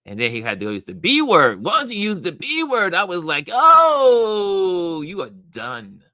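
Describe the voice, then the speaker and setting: Lively, bright-voiced male livestream host. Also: sits high, brisk, no echo, studio quality. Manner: animated, reacting to viewer comments; laughs often and speaks emphatically. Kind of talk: casual livestream chat.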